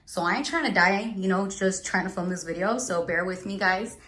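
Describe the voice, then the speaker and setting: Young woman vlogger, casual rambling tour chat, a bit out of breath, middle-pitched voice. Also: moderate pace, fairly bright tone. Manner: chatty, rambling, searches for words aloud. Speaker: beauty vlogger.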